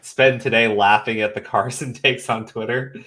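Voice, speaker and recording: A man's voice: lowish voice, fairly even intonation, normal speed, sharp tone. A man ranting casually as host of a commentary stream, profane and scornful, often repeating himself.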